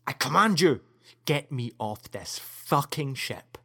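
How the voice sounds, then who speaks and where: A man's voice: a little high, very animated, normal speed, very noisy. An actor playing a shaken young male spaceship crew member who sounds distraught and defiant.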